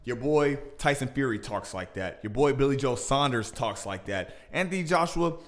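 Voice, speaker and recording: A man co-hosting a casual boxing podcast, talking in an animated way and getting louder as he argues his point. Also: normal speed. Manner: animated, heats up and rises in pitch when arguing. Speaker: podcast co-host.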